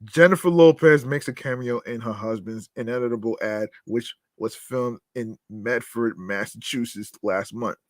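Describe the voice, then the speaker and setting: A man's voice: medium pitch, moderate pace, hardly any pauses, no echo, clean studio sound. A man hosting a podcast, reading news stories aloud with casual commentary, swearing freely, laughing at his own asides and stumbling over words as he reads. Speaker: podcast host.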